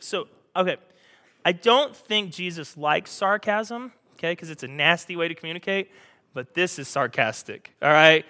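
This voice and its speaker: A male pastor preaching a sermon, animated and joking, acting out the scripture he reads. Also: high-pitched, moderate pace, in a large hall.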